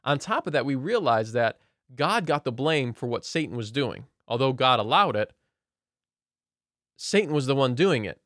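A man's voice: mid-range voice, big pitch swings, normal speed, a bit bright, dry recording, clean studio sound. A man earnestly sharing a personal faith testimony in casual conversation, often restarting his sentences.

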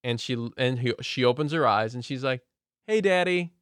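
A man's voice: medium pitch, fairly even intonation, fairly quick, fairly bright tone, no room sound, clean studio sound. Earnest man telling a faith story. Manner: earnest, conversational, frequent restarts. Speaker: guest sharing faith testimony. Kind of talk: casual storytelling testimony.

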